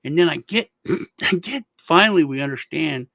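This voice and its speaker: A man co-hosting a casual chat show, telling stories deadpan and acting out the people he talks about. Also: on the high side, moderate pace, vocal fry, no echo. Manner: deadpan storytelling, acts out callers' voices. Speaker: podcast co-host.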